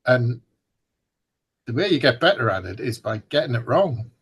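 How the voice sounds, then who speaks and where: A husky man in relaxed podcast banter. He jokes at his own expense and stumbles through restarts. His pitch sits in an ordinary middle range. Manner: self-deprecating joking, halting restarts. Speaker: podcast co-host. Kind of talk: casual banter.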